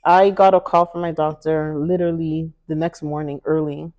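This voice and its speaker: Woman telling a personal story, low-pitched. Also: normal speed. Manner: animated, acts out quoted voices, laughs often. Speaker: interview guest.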